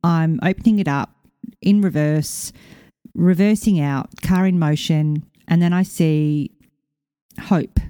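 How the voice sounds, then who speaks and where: A middle-aged woman hosting a podcast, telling a personal story in a chatty, animated way and acting out quotes, while recovering from a concussion. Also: sits low, takes it slowly, clean tone, dry recording, clean studio sound. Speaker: podcast host. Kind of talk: casual storytelling monologue.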